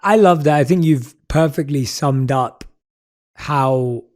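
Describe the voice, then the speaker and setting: A man hosts a conversation, his voice sitting a little high for a man. He reflects on what his guest says and affirms her points as he builds on them. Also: slow pace, darkish tone. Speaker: podcast host. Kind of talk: conversational interview.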